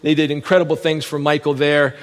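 A man's voice: fairly high pitch, flat delivery, brisk. A middle-aged man giving an emotional testimony to a church congregation, telling his story with feeling and frequent laughter. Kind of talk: testimony sermon. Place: church sanctuary. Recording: long church hall reverb.

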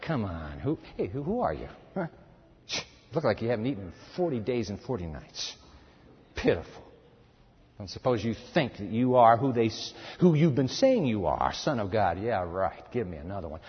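A man's voice: fairly low pitch, very animated, moderate pace, slightly rough, pitched below the performer's own voice, exaggerated voice. A man voicing a sly, tempting male devil who wheedles and taunts, heard in an echoey hall on a dull, lo-fi recording. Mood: mocking.

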